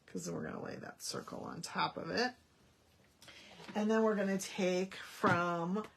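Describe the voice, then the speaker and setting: This Stampin' Up demonstrator has a fairly low, gravelly, slightly rough voice. She leads a casual card-making demo in a chatty, folksy manner, thinking aloud while working.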